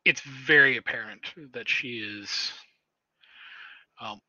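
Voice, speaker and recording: A man narrating as storyteller in a tabletop role-playing game, halting with frequent pauses and restarts. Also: medium pitch, bright, forceful tone, no room sound, muffled recording. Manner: halting, many fillers and restarts.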